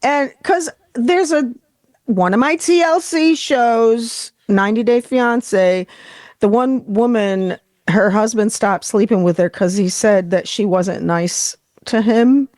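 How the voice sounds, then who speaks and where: A woman's voice: on the high side, slow, darkish tone, no room sound, clean studio sound. A middle-aged woman hosting a podcast, chatting in a rambling way and swearing freely. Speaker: podcast host. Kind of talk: casual chat.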